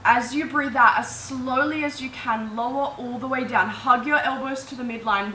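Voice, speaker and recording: Calm woman guiding a yoga class. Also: on the high side, far from the mic, a little hiss or hum. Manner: calm, cueing breath and movement step by step. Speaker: yoga instructor. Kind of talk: guided yoga class instruction. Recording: echoey room, faint ambience.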